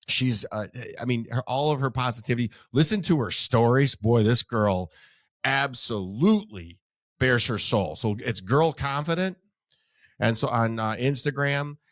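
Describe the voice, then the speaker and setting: A man's voice: mid-range voice, dry recording, clean studio sound. A man hosting an interview podcast, effusive and emphatic, stumbling and restarting as he praises his guest and asks questions. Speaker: podcast host.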